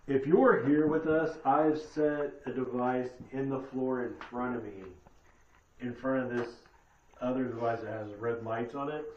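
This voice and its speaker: Male ghost hunter, calm and patient, coaxing; far-off camera audio in an echoey room, muffled. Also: medium pitch. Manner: calm, coaxing, explains slowly to spirits. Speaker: paranormal investigator leading an EVP session. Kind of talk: casual ghost-hunt session talk. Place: old hotel room at night. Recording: echoey, distant, dull, faint hiss.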